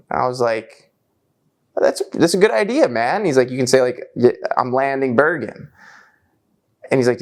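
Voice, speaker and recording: A young man chatting casually, telling stories with lots of slang and filler words. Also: medium pitch. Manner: animated, slangy, lots of "like" and "bro". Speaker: musician and guest. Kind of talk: casual storytelling chat.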